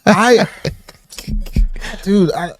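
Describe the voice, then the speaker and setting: A man co-hosting a reaction show, chatting casually, animated and profane, laughing easily. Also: sits high, drawn-out words.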